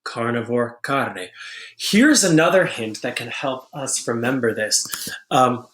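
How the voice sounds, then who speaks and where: A man teaching a vocabulary lesson, patient and clear, repeating each word slowly for students to write down. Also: mid-range voice, lively intonation, a bit bright. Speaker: Spanish teacher. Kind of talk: classroom-style vocabulary lesson.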